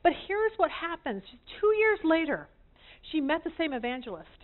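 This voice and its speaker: A woman teaching a women's Bible study group, an animated storyteller with self-deprecating humor. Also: high-pitched, normal speed. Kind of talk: lively teaching talk to a group. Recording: tinny phone-like sound.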